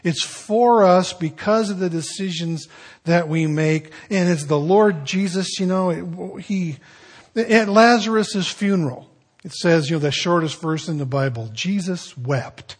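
Older guy preaching, kinda husky and high-ish voice, honest confessional sermon. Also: measured pace. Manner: candid, confessional, drops into quiet reflective tones. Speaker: pastor.

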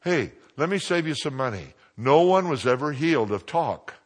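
Delivering a sermon, a man jokes with his congregation and swings between quiet asides and loud exclamations. His medium-pitched voice is expressive and moves at a normal speed.

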